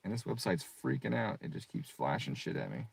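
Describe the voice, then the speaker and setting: A man's voice: deep voice, big pitch swings, vocal fry, husky. A man casually walking through a tuning website, cursing freely and breaking into irritated rants. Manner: profane, quick to rant. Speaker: car tuner and streamer. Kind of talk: casual profane screen walkthrough.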